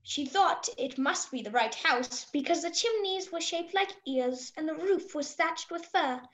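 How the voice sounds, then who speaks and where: Gentle storybook narrator, woman, high voice, measured delivery. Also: expressive.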